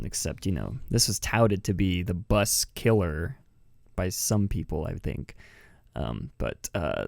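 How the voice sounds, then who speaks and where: A man's voice: on the low side, dry recording, clean studio sound. A man from New Mexico hosting a casual podcast, chatty, laughing often and restarting his sentences. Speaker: podcast host.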